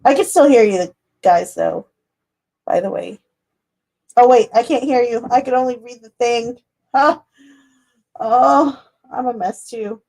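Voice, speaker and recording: High-voiced chatty tarot reader woman. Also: a little slow, vocal fry, long pauses, a little mellow. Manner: chatty, rambling, laughs often, swears casually. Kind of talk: casual livestream chat.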